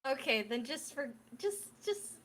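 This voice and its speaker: A woman with a high voice speaks slowly during a tabletop game, tossing in dry, teasing comments. Faint background noise sits under her voice. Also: very animated, a bit bright, poor audio. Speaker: player.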